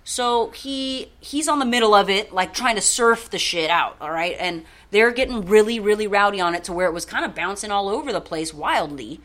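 Woman podcast host ranting thru a story, cussing a lot, bright tense voice. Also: medium pitch, normal speed, hardly any pauses. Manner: profane, rambling, animated. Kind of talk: casual storytelling chat.

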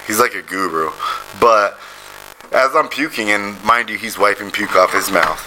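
Bright-voiced man telling a rambling story. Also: lowish voice, moderate pace, slight background noise, rough recording. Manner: rambling storyteller, swearing, laughing often. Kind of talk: casual chat.

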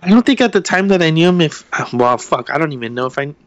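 A young man speaks fast and animatedly with a fairly high pitch while co-hosting a podcast, with no echo on the audio. He tells a rambling story in casual chat, swearing freely and acting out the quotes.

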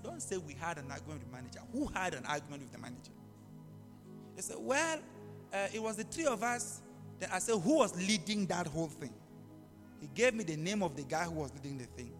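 A man's voice: high-pitched, animated, quick pace, in a large hall, over music. A male pastor preaching a live sermon, telling stories with acted-out voices and animal sounds.

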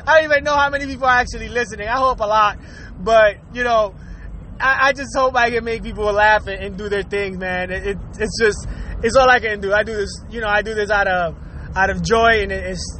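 A podcast host with a very high, bright voice goes on a loose comedic rant on his own show, with a little hiss or hum in the recording. He swears freely, laughs often between lines, and keeps repeating words and restarting as he chats.

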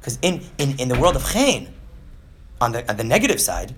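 Husky man in his thirties, lively swooping lecture delivery, often asks "right?". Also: medium pitch. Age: 30s. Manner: animated, often asks "right?", acts out quick voices. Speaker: teacher of Jewish texts.

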